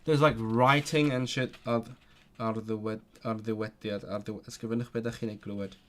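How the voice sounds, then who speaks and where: A man's voice: on the low side, steady tone, moderate pace, fairly bright tone. Man thinking aloud with many ums. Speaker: language learner streaming. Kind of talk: casual live-stream chat.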